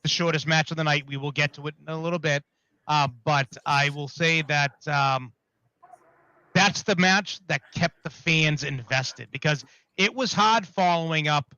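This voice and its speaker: A man's voice: a little high, a little slow, sharp tone, clean tone, no room sound, muffled recording. A man hosting a casual wrestling talk show, rambling and correcting himself as he steers the discussion. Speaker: podcast host.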